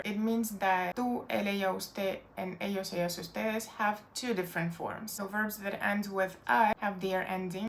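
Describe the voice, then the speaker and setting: Patient woman teaching with slight gravel. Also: mid-range voice, slight background noise. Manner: patient, explanatory, with fillers like "like". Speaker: Spanish teacher. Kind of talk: online language lesson.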